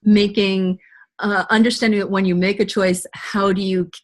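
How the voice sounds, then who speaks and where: Woman host and voiceover coach, mid-pitched, chatty, quick to laugh, rushes her stories. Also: flat delivery. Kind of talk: casual webinar Q&A.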